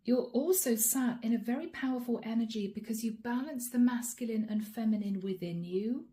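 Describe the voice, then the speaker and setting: A chatty woman doing a tarot reading straight to camera, her voice a touch high yet mellow and warm. She laughs easily and slips into the worried inner voice of the listener she is reading for. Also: moderate pace, slight background noise. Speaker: tarot reader.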